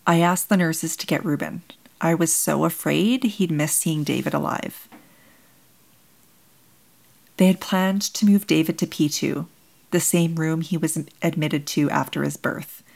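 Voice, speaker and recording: Woman reading her own story, low voice with lots of fry, slow and solemn. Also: a little mellow. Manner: measured, solemn, short plain sentences. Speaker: bereaved mother telling her story. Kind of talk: first-person memoir narration.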